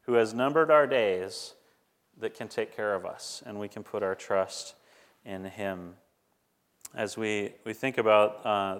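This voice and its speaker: Earnest male pastor in a reverberant hall. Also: on the low side. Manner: earnest, rising to fervent when reading scripture. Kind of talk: sermon.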